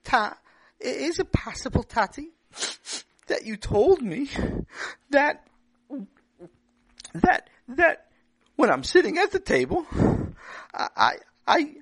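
A man's voice: extremely high pitch, very animated, slow, pauses often, fairly bright tone, no echo, pitched above the performer's own voice, full character voice. A man voicing an earnest young boy who stammers and pleads, in a storybook told aloud. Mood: pleading.

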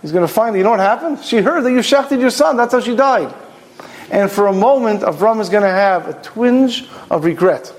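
Animated high-voiced man preaching. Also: a little fast. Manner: animated, rhetorical questions, acts out stories. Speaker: Torah teacher. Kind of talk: Torah sermon with storytelling.

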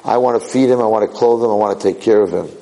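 A man giving a sermon as a rabbi, animated and conversational, repeating phrases for emphasis. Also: lowish voice, racing, poor audio.

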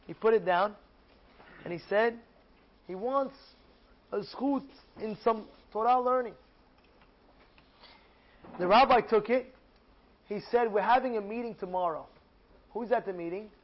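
A man teaching as a rabbi, telling a story with lively emphasis and frequent repetition. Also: sits high, slow, long pauses, dull audio. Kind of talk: storytelling Torah lesson.

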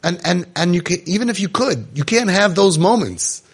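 A rabbi tells stories within stories to his audience, asking questions and mixing in Yiddish and Hebrew. His voice is husky and sits a little high. He talks the way a teacher does in a class. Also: moderate pace. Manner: animated storyteller, Yiddish-laced, rhetorical questions. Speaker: rabbi giving a Torah talk. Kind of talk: storytelling Torah class.

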